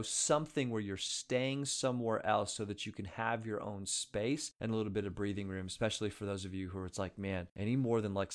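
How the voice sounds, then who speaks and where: Energetic man giving friendly advice. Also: mid-range voice. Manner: energetic, conversational, often checks in with "okay?" and "you guys". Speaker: relationship advice speaker. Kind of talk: motivational talk to viewers.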